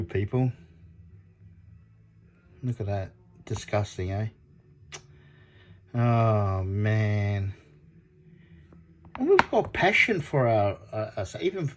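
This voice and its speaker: A man chatting in a casual product vlog about audio amp parts, rambling and excitable, laughing often. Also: medium pitch, slightly rough.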